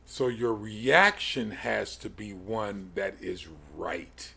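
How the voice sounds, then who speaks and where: Slow, gravelly male Bible teacher. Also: on the low side, sharp tone. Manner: slow, halting delivery with many pauses and restarts. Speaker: podcast teacher. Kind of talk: Bible study sermon.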